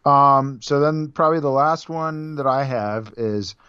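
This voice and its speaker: A relaxed man co-hosting a podcast who steers the questions, chuckling now and then. His recording sounds dry, with a slightly dull, muffled tone. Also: mid-range voice, a little slow, smooth, no room sound. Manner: relaxed, leads the questions, soft laughs. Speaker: podcast co-host. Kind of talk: casual chat.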